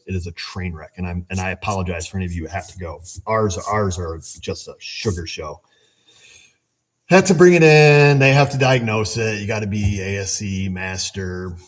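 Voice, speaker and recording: A man who runs an auto repair shop tells a story in a casual, animated, exasperated way and swears as he rants. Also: deep voice, slightly rough. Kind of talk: casual shop vlog rant.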